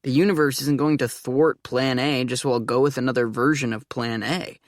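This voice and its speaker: A woman's voice: a bass voice, fairly even intonation, moderate pace, no room sound, studio quality. A woman narrating an audiobook in the first person, with an eager, flustered delivery.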